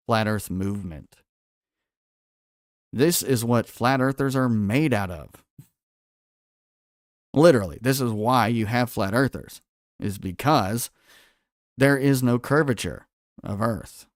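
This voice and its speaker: A man's voice: mid-range voice, takes it slowly, long pauses, dry recording. Give me a man hosting a livestream quiz, asking his viewers questions and reading their replies, in a dry, close recording. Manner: quizzes viewers and reads out chat answers. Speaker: livestream host. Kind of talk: quiz-style livestream chat.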